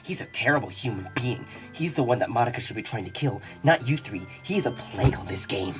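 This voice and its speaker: A woman's voice: very deep voice, animated, brisk, over music. A woman playing a visual novel on a let's play channel, reacting with outrage and nervous laughter while she reads along. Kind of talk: emotional game commentary.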